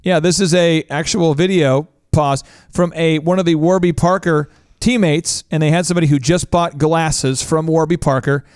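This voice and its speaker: A man from Oklahoma, hosting a business coaching show, talks fast and animated, joking and mimicking voices. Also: a little high, clear, resonant tone, no echo, studio quality. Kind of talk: energetic instructional talk.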